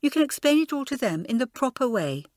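A woman's voice: sits high, very animated, fast talker, a little mellow, no room sound, clean studio sound, pitched above the performer's own voice. A woman voicing a sensible schoolgirl who speaks solemnly and soothingly.

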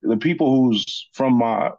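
A man from Sacramento, California, a podcast guest telling a story in a relaxed, casual way, full of "you know" fillers. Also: mid-range voice, unhurried, no room sound, lo-fi sound.

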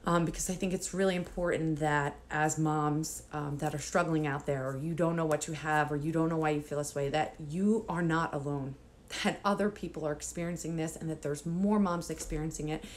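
A woman's voice: low voice, steady tone, fairly quick. A woman speaking to camera as a mom coach, nervous and emotional, close to tears with nervous laughs, then earnest and encouraging toward other moms. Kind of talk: personal vlog talking to camera.

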